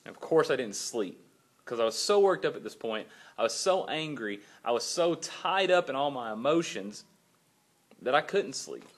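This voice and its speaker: A man's voice: mid-range voice, moderate pace. Man telling a family story on video. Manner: animated retelling, acts out his own angry shouts. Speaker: father and church volunteer. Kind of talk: personal video blog storytelling.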